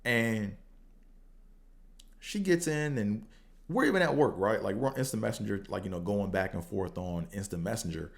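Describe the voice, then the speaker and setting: A man hosting a podcast, telling a casual story in a slangy, profane way and acting out both sides of the conversations with big jumps in pitch. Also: normal speed, creaky. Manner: animated, acts out quotes with big pitch jumps. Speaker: podcast host.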